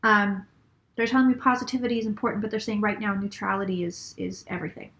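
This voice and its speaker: A woman's voice: medium pitch, steady tone, quick pace, fairly bright tone. A middle-aged woman giving a channeled psychic reading, relaying messages in repeated phrases and sometimes dropping to a whisper. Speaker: psychic reader.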